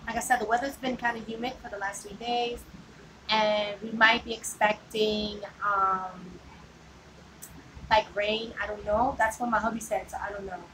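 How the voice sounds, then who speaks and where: A vlogger with a medium-pitched, steady voice talks casually with her audience at a moderate pace. Her chat rambles, full of laughs and the words "like" and "you know." The phone picking her up is distant, and background noise is noticeable.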